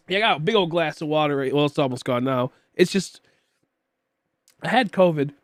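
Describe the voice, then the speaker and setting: A man's voice: fairly high pitch, gravelly, no echo. A young man streaming and chatting casually with viewers, rambling with many fillers and coughing often from a tickly throat. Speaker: livestreamer.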